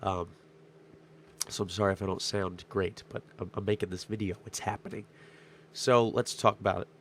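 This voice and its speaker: A young man with a stuffed-up nose, his voice strained from yelling, rambling excitedly through a casual sports recap vlog. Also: lowish voice, brisk, slight background noise. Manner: rambling, excitable, many fillers. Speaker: sports vlogger.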